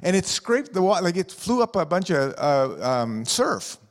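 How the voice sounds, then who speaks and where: This is a sermon with funny storytelling from a middle-aged man, a pastor and district superintendent, speaking in a chatty, jokey way and quizzing the congregation in a church hall. He pitches his voice high, swings it widely, and speaks at a measured pace, with long reverb from the hall.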